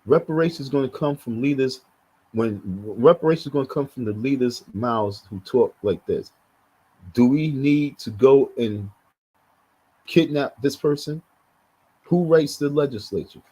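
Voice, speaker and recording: A man's voice: medium pitch, measured pace, warm tone, breathy edge, low-quality recording. A man giving heated, blunt live commentary, repeating himself as he reacts. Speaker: livestream commentator.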